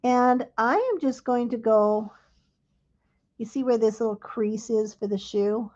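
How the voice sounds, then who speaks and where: A woman hosting a live crafting demonstration and explaining each step gently and without hurry. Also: fairly high pitch, a little slow, lo-fi sound. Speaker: craft instructor.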